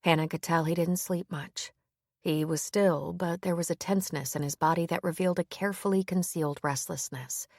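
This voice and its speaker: Low, gravelly woman narrating. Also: fairly even intonation, fairly quick, no echo, clean studio sound. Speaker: audiobook narrator. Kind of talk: scripted narration.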